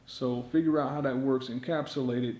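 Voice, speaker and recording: A man's voice: medium pitch, steady tone, fairly quick, reverberant, noisy background. A man teaching yodeling in a rambling, improvised monologue, filling his talk with constant fillers. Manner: rambling, packed with "you know" fillers.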